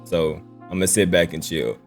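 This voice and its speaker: A man's voice: deep voice, moderate pace, gravelly, faint music behind. A man hosting a casual commentary video, talking in loose, joking slang. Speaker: YouTube commentary host.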